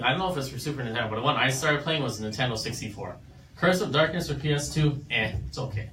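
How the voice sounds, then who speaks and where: A man's voice: medium pitch, quick pace, sharp tone, faint music behind. A man in his twenties co-hosting a casual radio chat show, laid-back and rambling. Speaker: radio co-host. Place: small radio studio. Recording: roomy studio sound, mic at a distance, faint noise.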